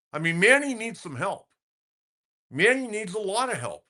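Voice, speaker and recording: A man hosts a sports talk show in a casual, blunt monologue. He often says things twice for emphasis. His voice is bright and a touch higher than most men's. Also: very animated, normal speed. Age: older. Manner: blunt, conversational, repeats himself for emphasis.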